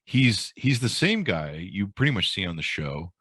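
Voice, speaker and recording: Deep-voiced man telling an animated story. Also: moderate pace, breathy edge, no echo. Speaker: podcast host and guest. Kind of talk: casual interview storytelling.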